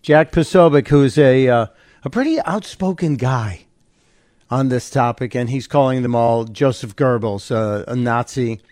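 A man hosting a live talk radio show, narrating a clip in an animated, sarcastic, opinionated way. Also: medium pitch, normal speed, no room sound, clean studio sound.

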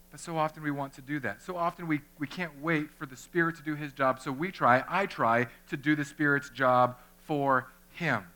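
A man, a pastor, preaching a lively sermon, talking straight to his congregation and acting out little scenes. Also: on the high side. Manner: conversational, addresses the congregation directly; animated, acts out little scenes.

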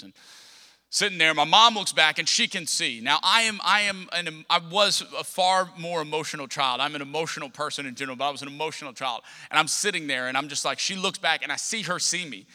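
A young man preaching a sermon in a church, telling humorous personal stories in an animated way. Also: a little high, fairly quick. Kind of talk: storytelling sermon. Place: church sanctuary. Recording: long church hall reverb.

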